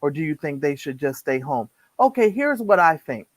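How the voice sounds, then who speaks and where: A woman's voice: low-pitched, very animated, moderate pace, a little hiss or hum, rough recording. A woman co-hosting a live-stream chat show, talking in an emphatic way and repeating words when worked up. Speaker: co-host. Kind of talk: casual live-stream commentary.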